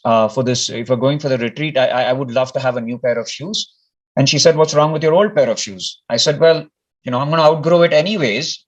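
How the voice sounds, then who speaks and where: A man from India telling a personal story in casual talk, rambling and often restarting his words. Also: medium pitch. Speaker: speaker sharing a personal story. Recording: dull lo-fi recording.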